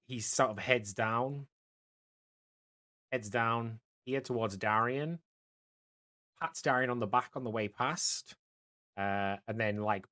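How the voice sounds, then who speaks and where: A man's voice: lowish voice, a bit bright. A man narrating a tabletop game as game master, rambling with many fillers and restarts.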